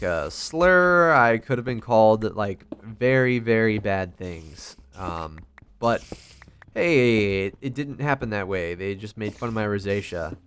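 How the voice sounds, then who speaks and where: A man's voice: fairly low pitch, smooth. A young man giving casual, rambling commentary while playing a video game, swearing a lot and making fun of himself. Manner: rambling, self-deprecating, swears often. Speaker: gaming vlogger.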